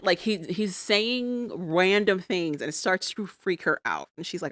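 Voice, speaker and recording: A woman with a somewhat low voice recaps a reality show in a casual podcast chat, acting out what the people on screen said. She is on a close mic in a dry room. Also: a little slow, hardly any pauses, no echo. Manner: animated storytelling, acts out quotes. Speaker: podcast co-host.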